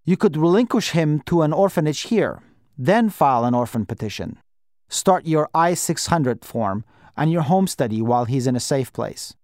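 A man's voice: on the high side, normal speed, no echo. Man reading a businesslike lawyer, frank, matter-of-fact, dry close sound. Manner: matter-of-fact, steady explaining. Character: frank, businesslike adult male immigration lawyer.

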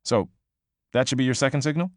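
A man voicing an upbeat office trainer who explains things quickly and chattily in a slightly raised voice. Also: medium pitch, dry recording, clean studio sound, voice pushed up, natural voice. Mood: breezy, encouraging. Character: upbeat male office trainer, brisk and eager.

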